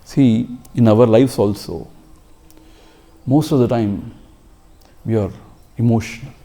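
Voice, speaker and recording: Warm emphatic Indian English swami. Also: male voice, mid-range voice, slow, gravelly. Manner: emphatic, exhorting, rhetorical questions. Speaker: swami teaching scripture. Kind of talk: spiritual lecture.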